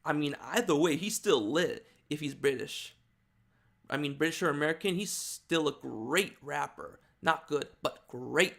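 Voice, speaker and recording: A man's voice: on the high side, measured pace, creaky, fairly bright tone. A man giving casual, rambling video commentary with many fillers and restarts. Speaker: YouTube commentator.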